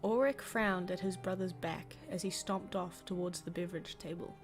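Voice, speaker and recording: A woman casually reading a novel aloud, with chatty asides between passages of unhurried narration. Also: on the low side, fairly even intonation, soft background music. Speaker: reader.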